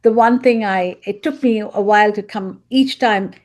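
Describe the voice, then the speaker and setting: A woman's voice: medium pitch, moderate pace, a little mellow. A woman composer on a video call, explaining her work earnestly, often correcting herself mid-sentence. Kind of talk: video call panel talk.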